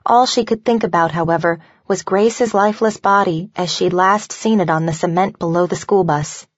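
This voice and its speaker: A woman's voice: fairly low pitch, moderate pace, no room sound, dull audio. Woman narrating a novel, dry close sound. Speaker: audiobook narrator.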